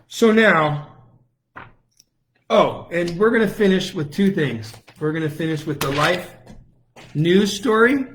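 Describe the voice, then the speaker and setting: A middle-aged man talks in a fairly high register, hosting his own show. He rants in a heated, combative way, firing off taunting challenges and repeating them over and over. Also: slight background noise. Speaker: lawyer and online show host. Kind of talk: combative political monologue.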